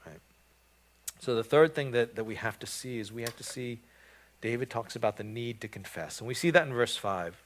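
A man's voice: mid-range voice, animated, fairly quick, a bit bright. Earnest male preacher with surging emphasis. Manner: earnest preaching with rising, emphatic bursts and frequent restarts. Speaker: pastor. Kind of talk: sermon.

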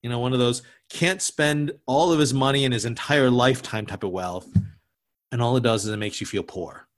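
A man preaching a sermon as pastor, conversational, often restarting and adding asides, dropping to a hush on solemn words. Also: mid-range voice, a little fast.

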